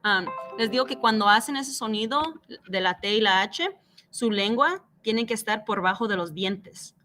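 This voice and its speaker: A woman teacher with a clear, bright, forward voice walks through letter sounds step by step. She is patient and slows down to act out each sound for her students, switching between English and Spanish as she explains. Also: mid-range voice, soft background music. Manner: patient, explains slowly and models sounds aloud. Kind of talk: bilingual classroom phonics explanation.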